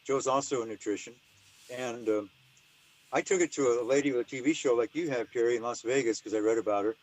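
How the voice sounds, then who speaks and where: A man's voice: medium pitch, quick pace, poor audio. Rambling, emphatic older man. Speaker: interview guest. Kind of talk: casual interview talk.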